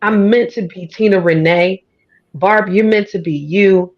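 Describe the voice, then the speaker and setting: A woman with a down-home country twang talks as a guest, folksy and emphatic. Her voice has a gravelly edge. The audio sounds muffled and a bit lo-fi. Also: medium pitch, unhurried. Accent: American country twang. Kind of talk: casual conversation. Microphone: studio or podcast mic.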